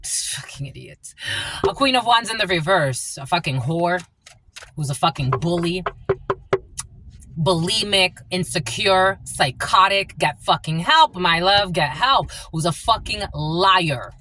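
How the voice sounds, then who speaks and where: A woman's voice: lowish voice, animated, a little slow, background noise. A woman giving a tarot reading as a channeler, blunt and profane, laughing often.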